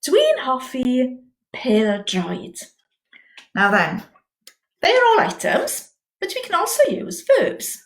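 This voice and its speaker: A woman teaching a beginner language lesson, slow and clear with lively encouragement. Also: high-pitched. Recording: echoey room.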